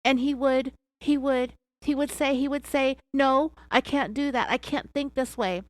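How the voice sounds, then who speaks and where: A defensive wife under questioning pleads her innocence in a raised, insistent voice, as a woman puts her on. The delivery is close and dry, with a fairly high pitch for a woman. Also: steady tone, unhurried, no room sound. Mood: pleading.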